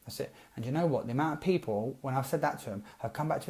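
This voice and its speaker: A British network marketing coach gives casual advice on a live stream in a mellow, medium-pitched voice at a quick pace. Chatty and animated, he acts out both sides of text conversations.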